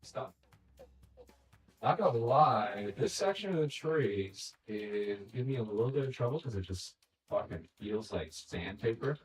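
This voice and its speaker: A man's voice: mid-range voice, animated, measured pace. A man rambling casually to his chat while he paints, talking to himself and swearing freely. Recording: roomy sound from a distance, music behind.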